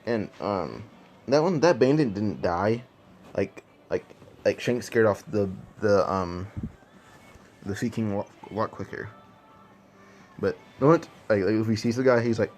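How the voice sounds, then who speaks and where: Casual male storyteller, lowish pitch, rambling, repeats himself often. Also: expressive, measured pace, pauses often, darkish tone, a little hiss or hum. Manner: rambling, many repeated words and fillers. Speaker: fan storyteller.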